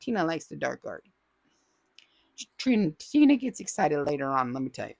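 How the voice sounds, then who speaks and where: A woman's voice: deep voice, big pitch swings, normal speed, vocal fry, darkish tone, husky, no room sound. A woman hosting a crafting channel, reading out viewer comments in a casual, playful way with teasing asides.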